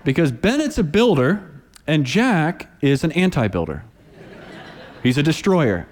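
Some chatter can be heard behind this pastor as he preaches in a large hall. In his thirties, he has a fairly high voice and a measured pace, and he tells stories while performing the people in them with lively voices.

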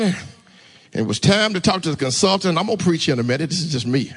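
A man preaching with a high, bright, forceful voice. He tells a personal story in sermon style and keeps urging the congregation to answer him. His delivery is animated and breaks into sudden shouts. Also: fast talker. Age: adult, married. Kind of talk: sermon testimony.

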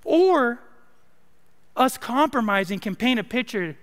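A man's voice: high voice, normal speed, pushed and bright, smooth. A young man preaching a casual, joking sermon as a college minister, full of likes and rights. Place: church sanctuary. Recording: long hall reverb.

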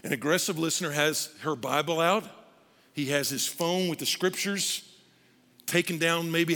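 A pastor preaching with animated energy, often breaking into shouts and acting out little voices. His voice is bright and edged with gravel. Long reverb from a large room trails behind him. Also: a little high, normal speed. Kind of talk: sermon.

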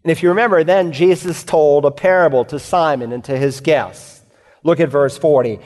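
A man preaching a sermon as pastor, speaking in measured, emphatic phrases and repeating key lines for weight. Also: fairly high pitch, darkish tone. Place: church sanctuary. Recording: long reverb of a large hall.

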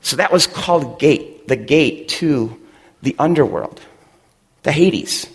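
A middle-aged man from West Michigan preaching a sermon with passion, his voice swelling toward near shouts. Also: a little high, lively intonation, slow, creaky, husky, long reverb tail. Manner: impassioned, rising to near shouts. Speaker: pastor.

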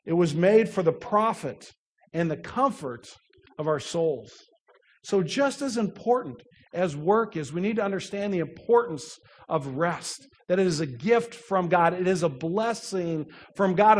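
Pastor, man, middle-aged, high voice, slow emphatic sermon delivery. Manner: slow, emphatic preaching with pauses and soft dropped endings.

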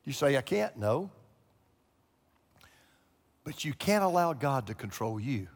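A man's voice: medium pitch, sing-song, unhurried, in a large hall. A man preaching a sermon as pastor, emphatic, repeating his key phrases.

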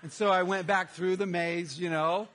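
A middle-aged man, a pastor, preaching a sermon in a conversational, humorous storytelling manner with lively outbursts. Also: high-pitched, normal speed.

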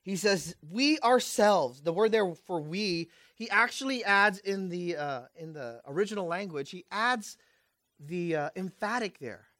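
A high-voiced man preaches a sermon with passion at a measured pace, swinging between loud, urgent peaks and hushed asides and firing rhetorical questions at his congregation. The studio-quality recording has no echo.

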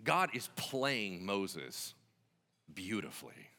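Male pastor, sermon, very animated, bright tense voice, long hall reverb. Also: deep voice, slow. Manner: animated storytelling, acting out dialogue.

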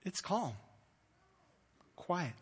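Man, preacher, high voice, animated, playful, acts out voices, sermon in a church hall. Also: drawn-out words, breathy edge. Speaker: pastor. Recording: long hall reverb.

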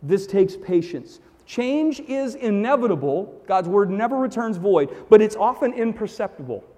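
A man's voice: high-pitched, very animated, normal speed, mellow. A male pastor preaching a sermon, emphatic and repeating his key phrases for weight. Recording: long reverb of a large hall.

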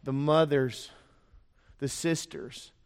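A man preaching a sermon, telling stories, firing off rhetorical questions and dropping to a hush for emphasis. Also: mid-range voice, steady tone, slow, smooth. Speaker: pastor. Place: church sanctuary. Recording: long church hall reverb.

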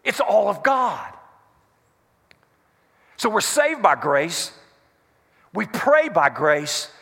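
A pastor preaching with a high, bright, ringing voice that swoops up and down. He keeps firing questions at the congregation and waiting for their answers. His voice carries through a reverberant church hall. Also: drawn-out words, creaky, husky. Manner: animated, quizzes the congregation with call-and-response questions. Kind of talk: sermon.

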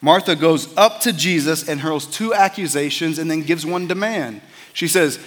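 A man's voice: on the high side, normal speed, long reverb tail. A man preaching a sermon as a pastor, earnest and conversational, often repeating words as he starts a phrase.

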